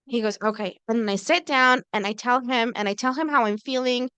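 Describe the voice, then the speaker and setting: A woman's voice: on the high side, fairly quick, bright, forceful tone, clean tone, dry recording, muffled recording. A woman co-hosting a podcast, telling a personal story in casual chat and acting out quoted lines. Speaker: co-host.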